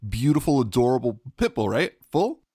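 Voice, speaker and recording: A man co-hosting a podcast, excitable and gushing, swearing and laughing in casual emotional chat. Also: medium pitch, brisk, husky, no echo, clean studio sound. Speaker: podcast co-host.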